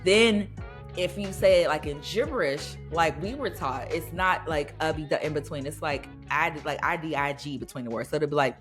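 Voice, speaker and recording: Lively woman podcast host reminiscing. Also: on the low side, fairly quick, faint music behind. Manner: animated and laughing, slips into playful voices. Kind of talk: casual nostalgic podcast chat.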